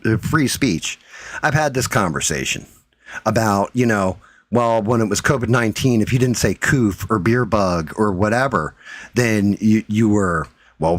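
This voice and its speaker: A man's voice: lowish voice, no room sound. A man hosting his own livestream, ranting in a profane, defiant and heated way. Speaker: livestream host.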